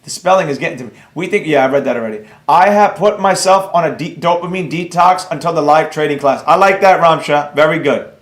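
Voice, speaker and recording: A man teaching a live trading class, blunt and excitable, rambling off on tangents while reading viewers' comments and scolding them. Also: on the high side, brisk, hardly any pauses, reverberant.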